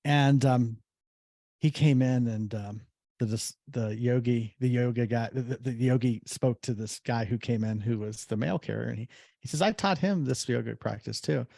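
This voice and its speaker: A man's voice: medium pitch, steady tone, moderate pace, mellow, no room sound. A man hosting a spiritual podcast, telling stories in a casual way and affirming his guest. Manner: storytelling, affirming. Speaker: podcast host.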